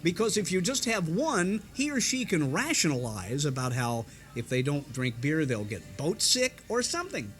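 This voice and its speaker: An older man from Indiana spins radio-days anecdotes in a high, lively, bright voice. He slips into quick voice impressions and sound effects as he goes. Faint music plays behind him in a restaurant. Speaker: veteran radio broadcaster. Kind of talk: anecdotal storytelling.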